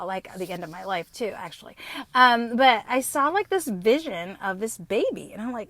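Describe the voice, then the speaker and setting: A woman's voice: on the high side, expressive, normal speed, fairly bright tone, no echo. A woman in her fifties, hosting her podcast and telling a personal story in a blunt, profane way with many fillers. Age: 50s. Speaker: podcast host.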